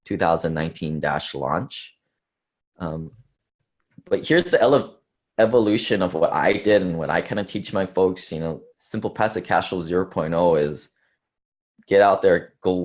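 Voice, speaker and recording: Low-voiced guy chatting through a conference talk, lots of ums, kinda joking at himself. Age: under 30s to early 40s. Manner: conversational, filler-heavy, self-deprecating. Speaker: conference speaker. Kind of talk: casual presentation talk.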